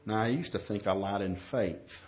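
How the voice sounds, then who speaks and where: A man who is a minister, telling a humorous story in a sermon, acting out his own yelled lines in a raised voice. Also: moderate pace, background noise. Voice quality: animated, shifts to high yelling quotes.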